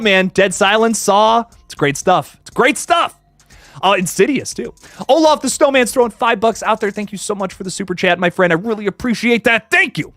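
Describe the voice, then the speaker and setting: An excitable young man talks casually to his live-stream audience. His voice sits high for a man and jumps all over the place as he gushes. The sound is dry and close, with no room around it. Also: no room sound. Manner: excitable, swears, greets chatters by name. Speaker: livestream host reviewing films.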